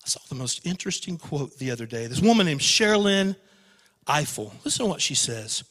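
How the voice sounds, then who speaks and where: A man's voice: a little high, very animated, fairly quick. Guy preaching in church, big swings up and down, long echo. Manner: emotional storytelling, swings from loud to hushed. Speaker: pastor. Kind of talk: sermon.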